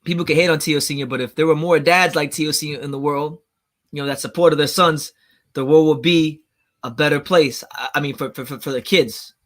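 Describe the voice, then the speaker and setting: Hosting a relaxed livestream, a man goes through viewer comments while rambling and saying things twice, chuckling at his own jokes. His voice is a little high and a bit bright, with fairly even intonation and a fairly quick pace.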